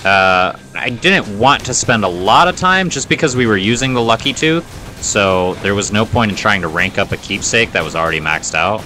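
A man commenting on his own video game run, voice swinging widely in pitch and bright in tone, lowish overall. He banters playfully at himself, with faint game music behind him. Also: animated, moderate pace. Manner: playful, self-mocking banter. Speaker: gaming video host. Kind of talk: let's play commentary.

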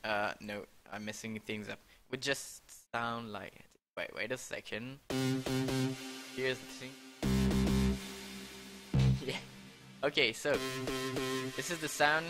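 A man's voice: medium pitch, over music. A young man casually walking through how he built a track, often stopping to correct himself and laughing at his slips. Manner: halting, self-correcting, laughs at own slips. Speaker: music producer explaining his track. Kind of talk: casual screen-recorded tutorial.

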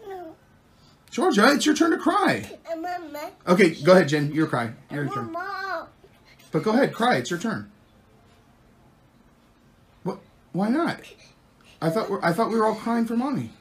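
A man's voice: sits high, wildly swooping pitch, normal speed, long pauses. A father playing a turn-taking game with his small children, coaxing and bossy in a playful way. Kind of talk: playful home video talk. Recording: noisy home video with children nearby. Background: children crying and shouting.

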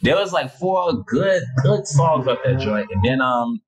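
A comedian from Harlem, chatting casually on a podcast and quoting rap bars with relish. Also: male voice, medium pitch, lively intonation, unhurried, a crowd in the background. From Harlem, New York. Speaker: comedian guest.

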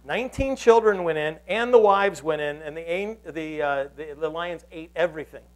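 A pastor with a fairly high voice delivers a sermon. He tells the story earnestly and keeps restarting his phrases as he goes. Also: moderate pace, rough recording.

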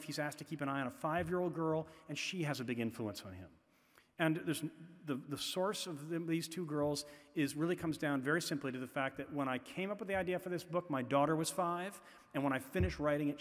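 A man's voice: fairly high pitch, fairly quick. A middle-aged man from the Boston area telling chatty anecdotes at a public talk, full of "you know" asides. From Boston area, USA. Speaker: author giving a festival talk. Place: large festival venue. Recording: long hall reverb in a big venue.

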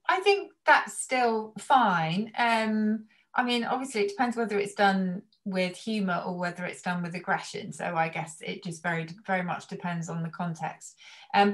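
A middle-aged woman speaking as a guest in a casual chat, thoughtful and explanatory. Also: mid-range voice. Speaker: guest language expert.

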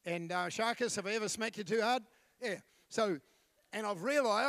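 A man's voice: sits high, moderate pace, a bit bright, no echo. A middle-aged man, preaching a blunt, colloquial sermon with asides to the congregation. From New Zealand. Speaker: pastor. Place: church.

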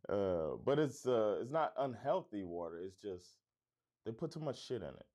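This fairly low, slightly mellow male voice has a sing-song quality and moves at a normal speed. The speaker, a middle-aged comedy club owner from Florida, chats with viewers and reads their comments on a relaxed livestream, his neutral American accent carrying a faint Florida lilt. Upbeat and laid-back, he laughs easily and says "man" frequently.

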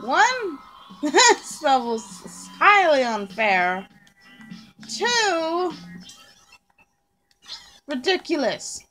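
A woman's voice: high voice, big pitch swings, very slow, long pauses, bright, forceful tone, soft background music. A woman giving playful, teasing commentary while playing a video game, laughing often. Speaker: gamer. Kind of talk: casual gameplay commentary.

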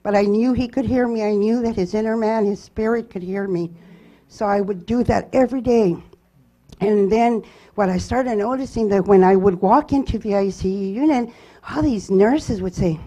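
A woman giving a personal testimony at church, telling her story earnestly with halting restarts. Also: mid-range voice, warm tone, dull audio.

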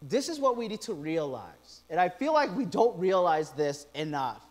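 Animated high-voiced male pastor. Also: normal speed. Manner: animated storytelling with quoted asides. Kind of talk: sermon.

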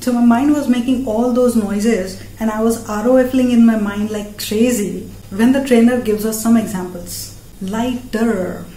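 A woman's voice: a little high, fairly even intonation, normal speed, mellow, roomy sound, a little hiss or hum. Indian woman doing stand-up comedy. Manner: playful, switching between languages mid-sentence. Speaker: stand-up comedian and channel host.

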